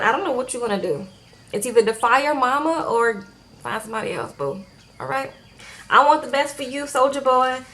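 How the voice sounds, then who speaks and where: A woman giving a sassy, animated casual recap of a reality show, acting out the people she quotes. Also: a little high.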